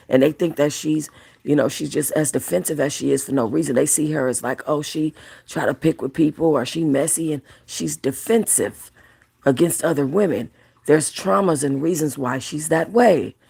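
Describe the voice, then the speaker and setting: A woman's voice: low-pitched, creaky, darkish tone, husky. A woman hosting a celebrity commentary show, talking in a chatty, rambling way with frequent restarts. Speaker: commentary channel host.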